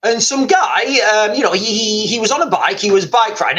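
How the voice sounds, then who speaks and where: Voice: mid-range voice, lively intonation, fast talker, few pauses, a bit bright, rough recording. Rambling livestreamer chatting to viewers. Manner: rambling, repeatedly addressing viewers as guys. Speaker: livestreamer reading chat. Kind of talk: casual live-stream chat.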